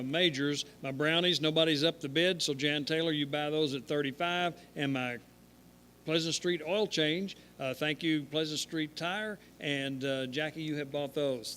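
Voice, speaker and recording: A friendly man gives bid updates on a local radio auction, his voice a little high. He thanks donors as he goes. Faint noise hums underneath. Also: pushed and bright. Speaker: auction co-host.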